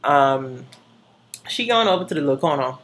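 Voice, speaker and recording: Woman, vlogger, casual TV recap, swears a lot, chatty, husky voice. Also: extremely low pitch, animated, moderate pace. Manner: profane, chatty, laughs often.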